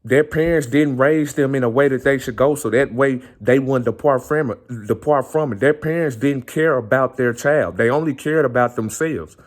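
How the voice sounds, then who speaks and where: An earnest male vlogger delivers an impassioned personal monologue, passionately repeating himself and circling back to phrases. His medium-pitched voice moves at normal speed with few pauses.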